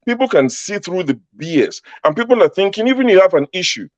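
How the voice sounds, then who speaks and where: A man's voice: high-pitched, big pitch swings, quick pace, dry recording, highs cut off. Combative Nigerian man in heated debate. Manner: combative, mocking, repeats words when cutting in. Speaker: panel debater. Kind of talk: heated political argument.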